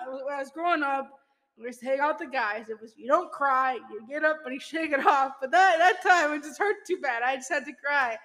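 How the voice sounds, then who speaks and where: A woman's voice: high-pitched, sharp tone, long reverb tail. A young woman telling casual stories in a chatty way, laughing often and using lots of fillers. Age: young adult. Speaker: podcast host. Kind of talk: casual storytelling monologue.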